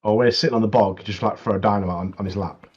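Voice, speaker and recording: A man's voice: lowish voice, steady tone, rapid-fire, darkish tone, breathy edge. A man co-hosting a casual gaming chat, laughing often and acting out little quotes. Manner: laughs often, acts out quotes, repeats words. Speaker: co-host. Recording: dull, lo-fi mic.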